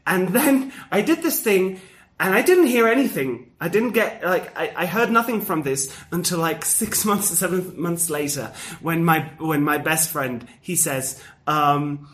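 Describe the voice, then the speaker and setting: A man's voice: sits high, animated, measured pace, a bit bright. A young man from Spain, chatting casually and telling a story, restarting sentences and laughing often. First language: Spanish.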